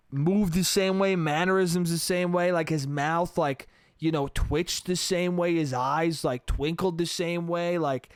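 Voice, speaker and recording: A man's voice: on the high side, smooth, dry recording, clean studio sound. A man from New York State hosting a solo podcast, rambling, swearing and laughing at himself. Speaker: podcast host.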